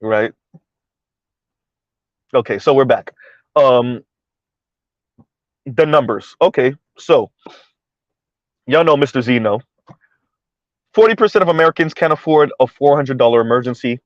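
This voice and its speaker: A man's voice: mid-range voice, expressive, measured pace, long pauses, no room sound, dull audio. A man giving casual commentary to his viewers while driving through floodwater, chatty, repeating himself and laughing often. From South Florida. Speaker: commentary vlogger.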